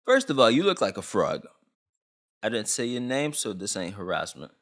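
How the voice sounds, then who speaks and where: A man's voice: lowish voice, sing-song, moderate pace, fairly bright tone. A young man from Canada ranting on camera about a law, agitated, blunt and full of slang. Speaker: vlogger. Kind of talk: heated opinion rant.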